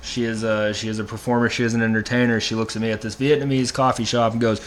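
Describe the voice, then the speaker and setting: A young man hosts a comedy podcast in a relaxed, joking chat. His voice sits fairly low, and he ribs his guest with dry, deadpan humor. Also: fast, slight background noise. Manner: teasing, deadpan jokes. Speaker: podcast host.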